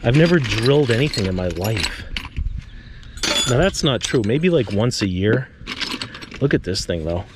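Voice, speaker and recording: A man's voice: lowish voice, very animated, normal speed, pauses often, noisy background. A man vlogging casually outdoors on a suburban street, chatting to viewers with joking asides. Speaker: trash-picking vlogger. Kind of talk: casual vlog talk to camera.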